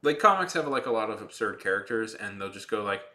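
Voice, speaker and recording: A man's voice: lowish voice, lively intonation, fast, few pauses, sharp tone. A man streaming while he draws, chatting casually to viewers in a rambling, filler-heavy, dryly sarcastic way. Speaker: artist livestreaming while drawing. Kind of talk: casual livestream chat to viewers.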